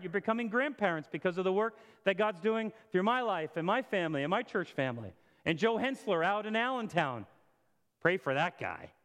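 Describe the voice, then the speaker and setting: A man preaching a sermon as pastor, rising to impassioned appeals and dropping to a hushed prayer, recorded in a church auditorium. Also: high-pitched. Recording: long hall reverb.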